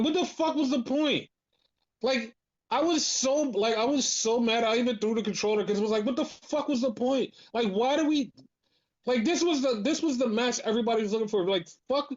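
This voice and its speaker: Brief: foul-mouthed co-host, animated rants, middle pitch, dull lo-fi mic. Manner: profane, animated ranting. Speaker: podcast co-host. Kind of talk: casual chat.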